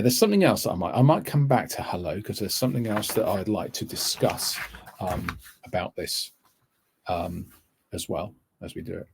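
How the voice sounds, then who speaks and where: A man's voice: lowish voice, vocal fry, a little mellow, a little hiss or hum. A man giving a teaching webinar, rambling and correcting himself often as he explains. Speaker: TEFL course tutor. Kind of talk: webinar lecture.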